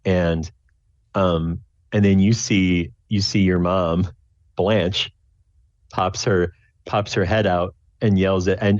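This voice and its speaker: A man's voice: deep voice, fairly even intonation, takes it slowly, darkish tone, dry recording. A man narrating a tabletop game as game master, rambling with many restarts. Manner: rambling, lots of fillers and restarts. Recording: dry, dull lo-fi sound.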